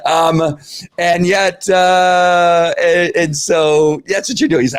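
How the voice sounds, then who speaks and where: A man's voice: fairly high pitch, animated, measured pace, dry recording, studio quality. Exasperated man ranting on a livestream. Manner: exasperated, rambling, frequent restarts. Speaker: host of a live political talk show. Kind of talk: live-streamed political commentary, reading viewer comments. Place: at home.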